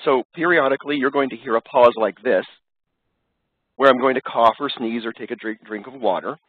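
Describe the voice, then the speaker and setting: A man's voice: mid-range voice, a little fast, dry recording. Man with a head cold, phone line. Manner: upbeat, with many fillers. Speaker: webcast host and presenter. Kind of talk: presenting a business webcast. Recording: dry, tinny phone-line audio.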